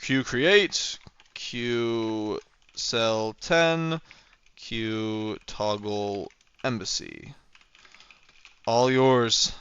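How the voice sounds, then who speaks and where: A man's voice: mid-range voice, very slow, long pauses, a bit bright, clear, resonant tone, no room sound, dull audio. A young man livestreaming a game, chatting casually and rambling playfully as he thinks aloud while building. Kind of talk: casual gameplay livestream chat.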